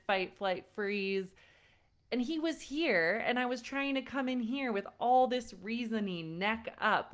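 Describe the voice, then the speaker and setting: A woman parenting coach teaching a live online session, telling a personal story and greeting viewers by name. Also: mid-range voice. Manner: warm-up roll call, then storytelling with acted-out quotes.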